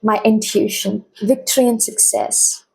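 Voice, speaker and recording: A woman's voice: medium pitch, steady tone, unhurried, gravelly, a little mellow, husky, low-quality recording. A young woman giving a casual tarot reading, chatty and often checking in with her viewers. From India. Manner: chatty, keeps checking in with "okay?". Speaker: tarot reader.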